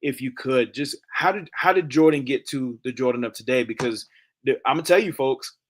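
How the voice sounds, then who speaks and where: A man's voice: medium pitch, moderate pace. A man hosting a casual interview, enthusiastic and prone to repeating his phrases as he asks questions. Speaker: host. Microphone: video call.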